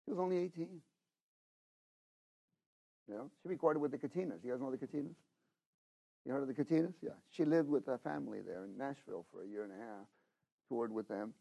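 A middle-aged man preaching a sermon, talking straight to the congregation and swinging between loud exhortation and hushed asides. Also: mid-range voice, a little fast, gravelly, long pauses. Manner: talks to the congregation directly, with frequent "you know?" and "okay?".

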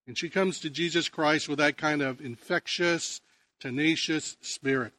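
A pastor preaching in a conversational way, telling stories and often restarting phrases. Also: male voice, on the high side, a little slow, pushed and bright. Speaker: pastor and teacher. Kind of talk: sermon.

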